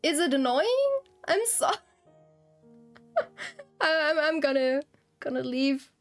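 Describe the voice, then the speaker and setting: High-voiced, unhurried rambling woman streamer. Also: lively intonation, soft background music. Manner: rambling, giggly and self-conscious. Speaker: game streamer. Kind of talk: casual stream chat. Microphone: desktop streaming mic, no camera.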